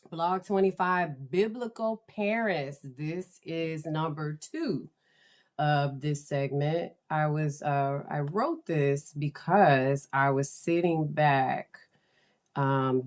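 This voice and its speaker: Slow, low-voiced woman podcast host. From United States. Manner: chatty, enthusiastic, laughs often. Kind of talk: casual podcast talk.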